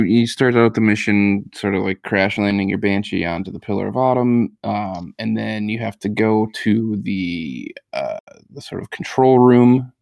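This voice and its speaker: A man's voice: on the low side, creaky, darkish tone, no echo. A man co-hosting a casual gaming podcast, talking in a rambling way with many fillers and restarts. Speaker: podcast co-host.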